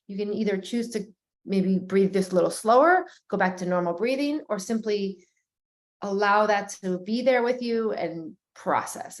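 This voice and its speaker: A woman guiding a breathwork session, talking slowly and gently, pausing and restarting as she goes. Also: medium pitch. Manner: slow, gentle and soothing, with pauses and restarts. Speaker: breathwork guide.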